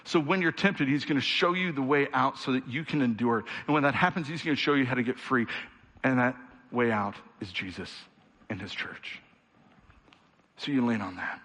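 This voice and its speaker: A man's voice: mid-range voice, animated, moderate pace. A male pastor preaching a sermon, talking straight to his congregation and building to fervent, rhythmic peaks before easing back into a conversational tone. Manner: builds to fervent rhythmic crescendos, then quiets; direct, conversational address to the congregation.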